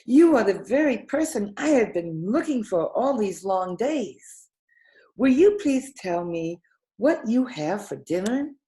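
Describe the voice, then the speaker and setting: A woman's voice: sits low, measured pace, warm tone, roomy sound. A woman voicing a curious, very polite young elephant calf in a storybook reading. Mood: eager. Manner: very polite, pleading.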